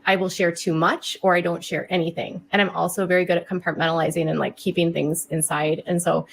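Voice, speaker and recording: A woman's voice: on the low side, flat delivery, fairly quick, gravelly, slight background noise. Rambling woman talking to her followers. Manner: rambling, self-deprecating, lots of fillers. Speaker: online content creator. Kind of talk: casual talk to camera.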